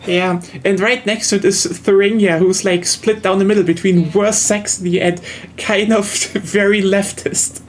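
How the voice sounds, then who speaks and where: A young woman streamer with a German accent, talking in a loose, rambling way full of ums and restarts. Her voice sits at an ordinary middle pitch, with a faint hum of ambience behind her. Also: steady tone, moderate pace, hardly any pauses. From southern Germany. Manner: rambling, many fillers and restarts. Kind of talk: casual chat while gaming.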